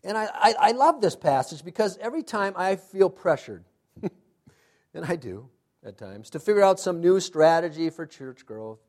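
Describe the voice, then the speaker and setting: A man preaching a sermon, emphatic, asking the congregation to fill in words and dropping to hushed, intense asides. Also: high voice, big pitch swings, normal speed. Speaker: pastor.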